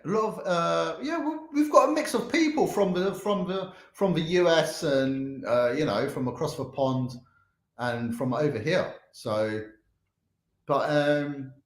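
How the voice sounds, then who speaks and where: A young man with a London accent chats loosely on a livestream, reading out viewer comments, stumbling over repeated words and laughing along the way. His pitch swings a lot as he talks. The sound is roomy, with a clear echo around him. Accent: London English. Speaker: charity livestream host.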